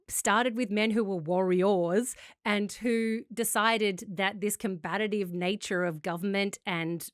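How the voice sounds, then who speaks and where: A woman's voice: medium pitch, clean tone, no echo, studio quality. A woman co-hosting a podcast, arguing her point in a long, impassioned run of casual chat. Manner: impassioned, rapid-fire argument. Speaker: podcast co-host.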